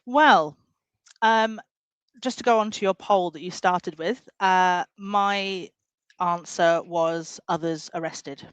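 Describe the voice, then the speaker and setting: A chatty caller on a live stream who talks in a relaxed, hesitant way, full of small fillers and light laughs. The voice is mid-pitched and dry, with no room echo. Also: slow pace, clear, resonant tone. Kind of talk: casual call-in conversation.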